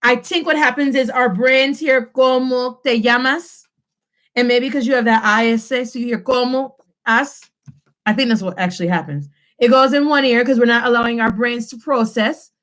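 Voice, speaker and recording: A woman teaching a Spanish lesson, switching between English and Spanish and slowing down to stress key phrases. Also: a little high, a bit bright. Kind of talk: classroom lesson.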